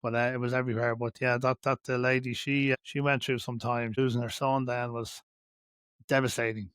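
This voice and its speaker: An Irish man hosting a podcast in easy, rambling chat with many fillers and encouraging asides. His voice is mid-pitched for a man and recorded dry and close. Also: little pitch movement, a little fast, fairly bright tone, clear, resonant tone, dry recording. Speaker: podcast host. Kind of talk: casual chat.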